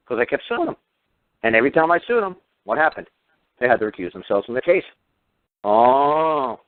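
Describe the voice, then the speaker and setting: A man's voice: fairly high pitch, dry recording. A man lecturing on a radio talk show in a combative, mocking and crude way. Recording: tinny phone-line radio audio.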